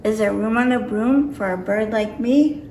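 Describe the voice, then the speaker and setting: A woman voicing a polite little green bird from a picture book, in a gentle sing-song reading. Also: fairly high pitch, normal speed, slight background noise, natural voice. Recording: roomy echo, mic far off.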